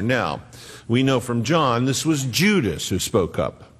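A man's voice: mid-range voice, sing-song, takes it slowly, slightly rough. A man preaching a sermon in an earnest, conversational way, acting out the quotes he tells. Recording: long hall reverb.

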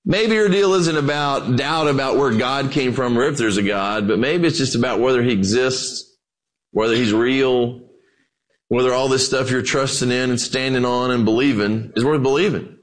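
A man's voice: mid-range voice, moderate pace, poor audio. A man preaching a sermon, a conversational and folksy storyteller who talks straight to his listeners. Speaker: pastor.

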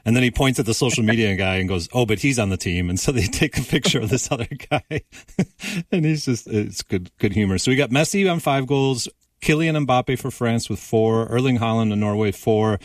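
A man hosting a sports panel, upbeat and quick to laugh while he leads the talk. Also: mid-range voice, no room sound, studio quality, far from the mic. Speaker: host. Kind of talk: casual sports chat.

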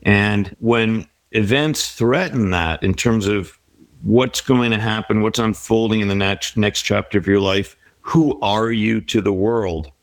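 A man's voice: lowish voice, measured pace, dry recording. Reflective middle-aged man giving advice. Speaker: guest author. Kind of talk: conversational interview.

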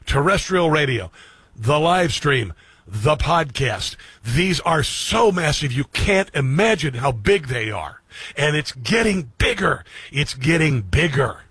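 A man's voice: on the high side, very animated, slow, fairly bright tone, husky, dry recording. A middle-aged man hosting a radio and streaming talk show, speaking earnestly to his listeners and repeating phrases for emphasis. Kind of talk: personal monologue to listeners.

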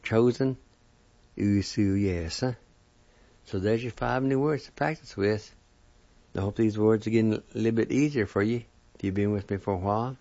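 A man teaching a language lesson, spelling words and sounding out each syllable slowly. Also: on the low side, darkish tone, no room sound. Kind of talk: slow spelling and pronunciation lesson. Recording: dull lo-fi recording.

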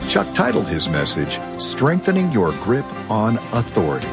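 A man announcing a radio program in a smooth, measured, scripted introduction. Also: lowish voice, huge pitch swings. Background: music bed.

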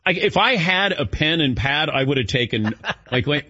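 A man's voice: a little high, lively intonation, moderate pace, bright, forceful tone, dry recording, dull audio. A man hosting a radio show, chatting casually and animatedly telling stories while calling on his cohosts by name. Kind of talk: casual on-air banter.

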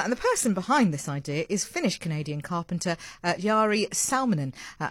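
A woman's voice: on the low side, no room sound. A middle-aged British woman hosting a breakfast radio show, chatty and self-deprecating, laughing and restarting often. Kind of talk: casual chat interview. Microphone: studio mic.

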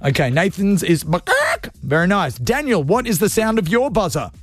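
A man's voice: sits high, wildly swooping pitch, moderate pace, no room sound, faint music behind. A man hosting a radio call-in show, tired from no sleep, goofy and self-mocking.

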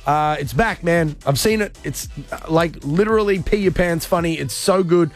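A man hosting a radio show, talking fast and jokey with casual swearing. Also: a little high, faint music behind. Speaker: radio host. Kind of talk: energetic radio show patter. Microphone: studio microphone.

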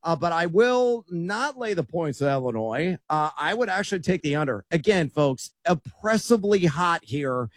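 Sports betting guy, kinda high voice, lots of uhs, dry close mic. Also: big pitch swings, normal speed, hardly any pauses, no echo. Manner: frequent "uh" fillers, upbeat and emphatic. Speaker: sports analyst co-host.

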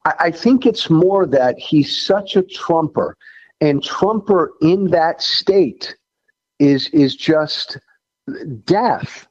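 A man's voice: fairly high pitch, lively intonation, slow, a little mellow, dry recording, highs cut off. A man who once served in Congress, giving blunt, folksy political opinions in an interview. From Illinois. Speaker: former congressman guest.

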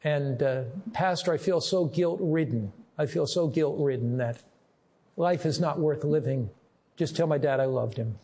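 A male pastor retelling the words of a despairing young woman on the phone, in a low, subdued, pleading voice. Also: measured pace, dark tone.

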